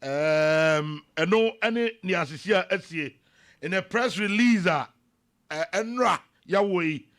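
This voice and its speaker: A Ghanaian man hosts a morning radio program in a studio. His voice sits a little high for a man, and he moves between casual banter and reading out messages and news with lively energy. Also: takes it slowly. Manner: animated, switching between Twi and English, reads messages aloud. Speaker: radio morning show host.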